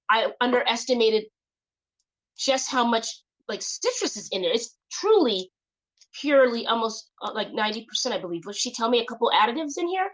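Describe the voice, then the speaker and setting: A chatty woman hosting her own show, rambling loosely and restarting her sentences with lots of fillers. Her voice sits a little high and comes across bright and forceful. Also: rough recording. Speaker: show host. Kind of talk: casual live show chat.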